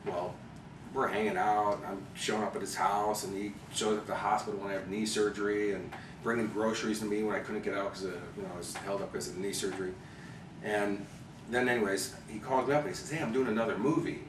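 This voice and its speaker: A man from Chicago, an interview guest, telling animated anecdotes and acting out the people he quotes. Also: lowish voice, fairly quick. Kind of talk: storytelling interview. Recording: roomy, distant mic with background noise.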